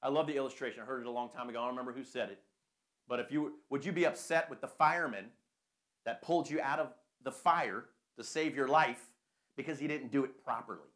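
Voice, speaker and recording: A man's voice: mid-range voice, quick pace, fairly bright tone. A man preaching a conversational sermon full of rhetorical questions.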